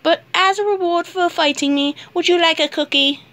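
A woman voicing an excitable little male house elf in a plush toy skit, who talks about himself in the third person. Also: extremely high pitch, normal speed. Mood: scheming. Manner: excitable, squealing outbursts.

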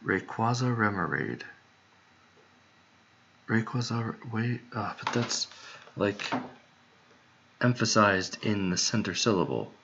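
A man's voice: lowish voice, lively intonation, a little slow, creaky. A man muttering to himself as he works out song lyrics, trying word pairs under his breath. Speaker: songwriter. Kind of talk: muttering while working on lyrics. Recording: dull lo-fi mic with faint noise.

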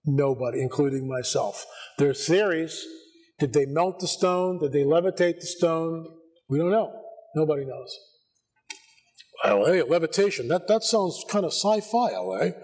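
Animated American man preaching to a church crowd. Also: a little high, normal speed, husky. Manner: animated, sarcastic asides, rising to near-shouts. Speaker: conference speaker. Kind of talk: church conference talk. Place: church sanctuary before an audience.

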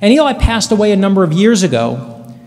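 A man in his forties giving a commencement address, telling stories earnestly with dramatic pauses. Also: sits high, very animated, a little mellow. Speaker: commencement speaker. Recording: long hall reverb.

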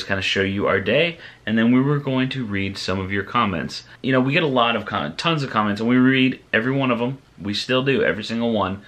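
A father talks casually to his vlog audience in a lowish voice. He rambles in a relaxed way, with filler words and restarts as he recaps the family's day. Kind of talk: casual vlog talk to camera.

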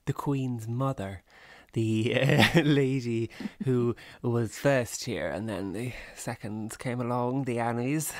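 A man's voice: medium pitch, slow, a little mellow, no echo. Dry-voiced Irish man teasing his co-host. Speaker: podcast co-host. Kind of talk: casual chat.

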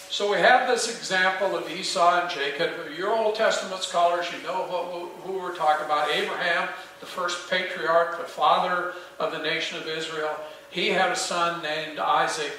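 This pastor's voice is fairly high, pushed, and bright, moving at a measured pace as he earnestly and emphatically questions his congregation during a sermon. It's recorded from a distance in a small, echoey church sanctuary, with a little hiss or hum.

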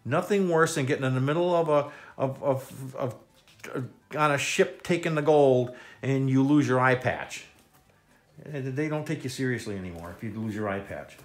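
Playful man teaching kids to draw. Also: mid-range voice. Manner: playful, jokey, makes silly sound effects. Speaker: children's drawing instructor. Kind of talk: kids' step-by-step drawing lesson.

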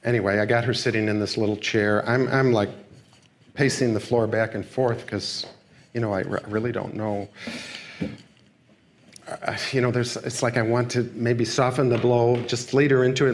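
A man's voice: on the low side, steady tone, normal speed. An older man giving a lecture, telling a personal story in a subdued, reflective and hesitant way. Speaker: guest lecturer. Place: school lecture hall.

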